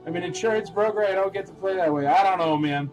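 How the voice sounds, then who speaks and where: Rambling animated man hosting an auction. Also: high voice, fast, faint music behind, rough recording. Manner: rambling, animated, calls out bids. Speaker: live auction host. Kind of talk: casual live-stream auction chat.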